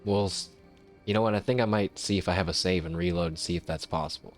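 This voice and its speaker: A man hosting a let's play, chatting excitably and rambling between game moments. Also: low voice, fast talker, faint music behind. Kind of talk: casual gameplay commentary.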